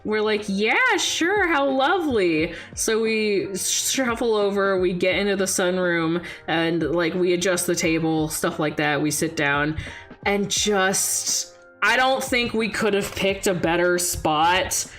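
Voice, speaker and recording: Young woman streamer telling a story, animated, voice jumps way up for quotes, laughs a lot, faint music under it. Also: unhurried. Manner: animated, jumps high when quoting people, laughs often. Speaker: VTuber streamer. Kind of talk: casual storytelling chat.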